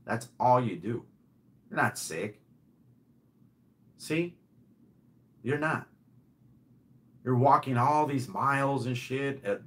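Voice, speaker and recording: A man's voice: medium pitch, fairly bright tone. A middle-aged man delivering an angry, mocking rant to the camera, swearing and repeating himself. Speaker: channel host.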